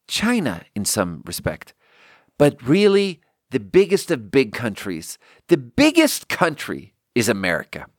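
A man's voice: mid-range voice, no echo, clean studio sound. A man hosting a casual comedic monologue, rambling with restarts, swearing freely and acting out the people he quotes. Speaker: podcast host.

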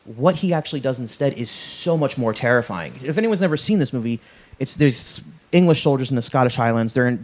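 A man chatting casually on a podcast, rambling enthusiastically with many restarts. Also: mid-range voice. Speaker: podcast panelist. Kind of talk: casual chat about horror films.

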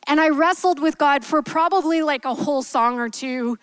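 A woman preaching a sermon in a candid, gentle way, telling a personal story. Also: high-pitched, moderate pace, no room sound, poor audio. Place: church.

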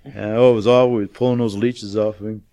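A man's voice: on the low side, flat delivery, fast, mellow, no room sound. An older man, a missionary, telling a testimony in a folksy, rambling way with many fillers. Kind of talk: casual storytelling testimony.

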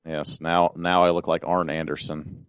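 A man co-hosting a casual podcast chat, wry and joking, with a lively delivery. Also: normal speed, clear, resonant tone, no room sound. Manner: wry, joking, puts on a booming announcer voice at times. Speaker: podcast co-host.

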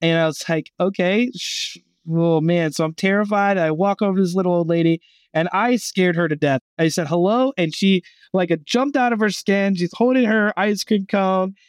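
Guest voice: a fairly high-pitched man, animated storyteller, dry close recording. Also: normal speed, smooth, no echo. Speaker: gap year program guest. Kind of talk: podcast interview, storytelling.

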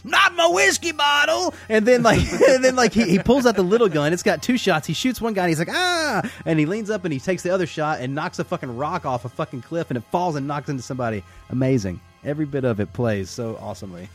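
A man co-hosting a casual movie podcast, excitedly retelling scenes with plenty of swearing. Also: a little high, quick pace, hardly any pauses, husky, faint music behind. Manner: enthusiastic, profane, animated retelling. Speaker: podcast co-host. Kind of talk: casual movie-discussion banter.

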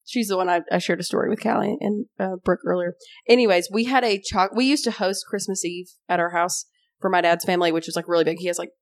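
A young woman, a guest in casual chat, bubbly and quick to laugh. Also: on the low side. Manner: bubbly, laughs easily, gushing.

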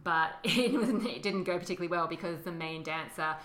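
Talking a little fast in a low, somewhat bright voice, a woman co-hosts a podcast and explains history conversationally. Fillers and frequent laughter run through her speech, and the recording carries a roomy echo.

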